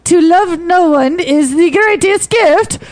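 Woman putting on an overdone Russian accent, high and slow, mock-solemn reading. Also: darkish tone. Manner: slow, solemn, exaggerated recital.

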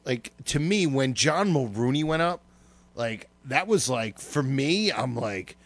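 A man co-hosting a casual talk show, his voice mid-pitched and recorded dry and close. He rambles through an emotional story with a lot of profanity, halting and restarting. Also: lively intonation, no room sound. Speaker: radio show co-host. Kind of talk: casual podcast chat.

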